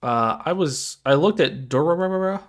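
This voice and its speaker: A man's voice: fairly high pitch, expressive, normal speed. A man co-hosting a casual podcast, talking hesitantly about shows and often correcting himself. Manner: hesitant, with frequent ums and self-corrections. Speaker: podcast co-host. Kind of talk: casual chat.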